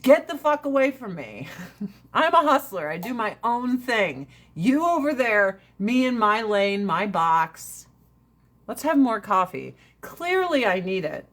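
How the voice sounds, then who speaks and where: A woman's voice: on the high side, big pitch swings, a little slow, a bit bright. A woman in her forties chatting casually with viewers on a livestream, brash and profane, ranting and laughing often. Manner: laughs often between lines.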